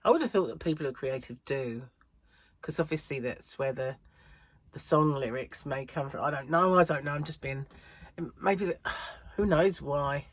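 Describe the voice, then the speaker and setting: A chatty British woman vlogging to her viewers, rambling from thought to thought and laughing often. Her voice sits a little low for a woman, and the recording is dry and close, with no room sound. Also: moderate pace, dry recording. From United Kingdom. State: a bit out of breath. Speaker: crochet vlogger. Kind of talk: casual chat to camera.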